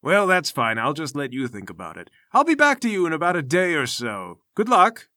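A man's voice: a little high, wildly swooping pitch, fairly quick, pushed and bright, dry recording, clean studio sound, exaggerated voice. A man voicing an officious male city guard corporal who speaks curtly and formally. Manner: curt, formal.

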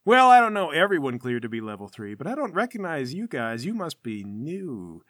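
A man plays a brash guild armsman, all fake cheer and smug teasing. His voice is bright and swings up and down as he looms over the people he mocks. The sound is dry and close. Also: on the high side, big pitch swings, moderate pace, dry recording. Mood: jovial.

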